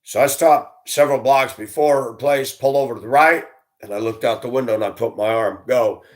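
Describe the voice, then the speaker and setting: A man telling stories about his years as a school bus driver, blunt and animated, acting out the voices he quotes. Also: mid-range voice, a little fast. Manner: blunt, plain-spoken. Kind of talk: storytelling monologue.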